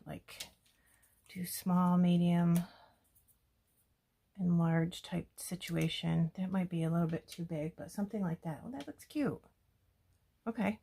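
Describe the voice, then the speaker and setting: Gravelly low-voiced woman crafting. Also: a little mellow. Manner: chatty, thinking aloud while working. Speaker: scrapbooking video host. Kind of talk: casual crafting talk-through.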